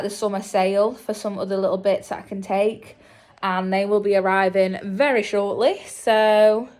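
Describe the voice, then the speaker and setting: A woman's voice: mid-range voice, no echo. A young woman, chatting casually to a handheld phone in a big field with horses and dogs. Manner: chatty, laughing asides, talking to animals. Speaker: vlogger. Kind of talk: casual vlog chat.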